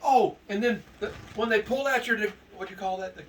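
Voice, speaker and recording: A man telling an animated story to a men's meeting, laughing as he talks. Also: sits high, a little fast. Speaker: testimony speaker at men's meeting. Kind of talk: casual storytelling to a group. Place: indoor meeting room. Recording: distant mic with background noise.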